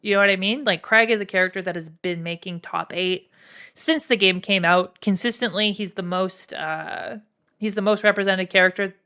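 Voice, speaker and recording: A woman with a Canadian accent is live-streaming while ranking game characters, her mid-range voice sharp and clean at a normal speed. She speaks frankly and casually, swearing a lot and filling her talk with fillers and asides to her chat.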